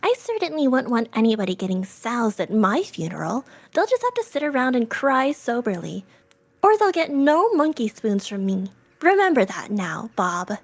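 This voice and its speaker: A woman's voice: fairly high pitch, very animated, moderate pace. A woman voicing a giddy, teasing young bride-to-be in a storybook reading. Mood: gushing. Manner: gushing, teasing.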